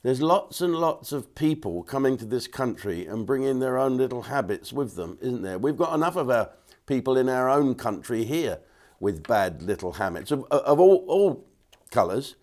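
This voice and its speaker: A man's voice: medium pitch, very animated, moderate pace, darkish tone. An older man, a comedian ranting bluntly in an opinionated monologue and putting on voices for the people he quotes. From England. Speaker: comedian host.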